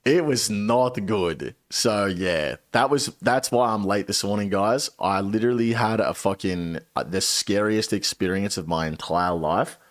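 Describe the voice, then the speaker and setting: A man in his late twenties, a streamer telling a story to his chat in a casual, animated way, swearing often. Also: fairly low pitch, a little slow, few pauses. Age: 20s. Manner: animated, swearing a lot, dramatic retelling.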